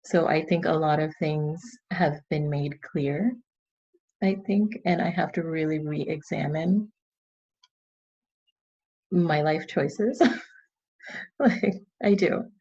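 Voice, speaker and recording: A woman's voice: low voice, takes it slowly, pauses often, a little mellow, husky. A woman in a workshop sharing her reflections candidly and thoughtfully, with hesitant restarts. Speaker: workshop participant. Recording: dull lo-fi video call audio.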